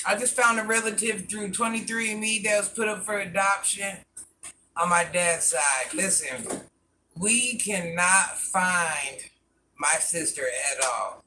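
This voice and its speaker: A man's voice: high voice, a little slow, bright, forceful tone, a little hiss or hum. A man rambling through a casual live stream, answering viewer comments and talking to people off camera in a folksy way.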